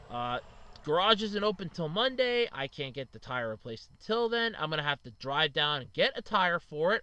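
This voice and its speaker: A man's voice: on the high side, sharp tone, no room sound. A man in his thirties hosting a casual solo podcast, venting in frustration and blaming himself, with lots of "uh". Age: 30s. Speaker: podcast host.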